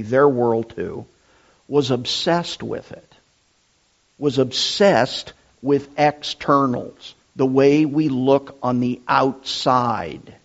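A middle-aged man preaching a sermon, deliberate and emphatic, repeating his key phrases. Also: medium pitch. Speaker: pastor. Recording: dull lo-fi sound.

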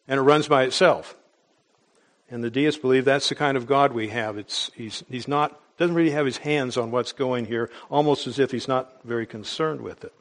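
Man preaching a measured sermon. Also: mid-range voice, fairly bright tone. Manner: measured, explanatory, with small restarts.

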